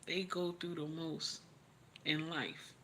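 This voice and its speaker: This livestream host speaks in a deep, level voice, slowly and with a slightly bright quality, against a bit of background noise. She is tearful as she gives an emotional, preachy pep talk, repeating her words of encouragement over and over.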